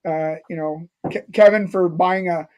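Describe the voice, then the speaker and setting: A man with a notably high voice hosts a casual podcast chat. He tells stories in a loose, rambling way, circling back and restarting as he goes. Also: fairly even intonation, measured pace, darkish tone, dull audio. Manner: rambling storyteller with many fillers and restarts. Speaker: podcast host.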